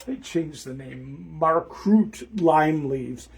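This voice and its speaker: A man's voice: a little high, lively intonation, extremely slow, creaky. Rambling man cooking in a kitchen. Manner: rambling, talks to himself while cooking, forgets steps. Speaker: home cook hosting a cooking show. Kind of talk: casual cooking demonstration. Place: home kitchen.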